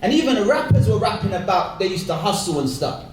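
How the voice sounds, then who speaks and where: A man in his thirties from South London with a London accent, telling his life story in a lively, slangy way, recorded from a distance in an echoey hall. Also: high voice, fast talker, soft background music. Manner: lively, slangy, acts out voices with laughter. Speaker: speaker sharing his conversion story. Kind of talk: animated personal storytelling talk.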